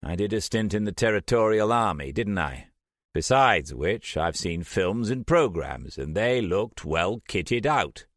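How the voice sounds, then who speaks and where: A man's voice: fairly low pitch, animated, measured pace, no echo, clean studio sound, voice pushed up. A man voicing a brash young man who argues and boasts defensively. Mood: arguing. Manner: cocky, argumentative.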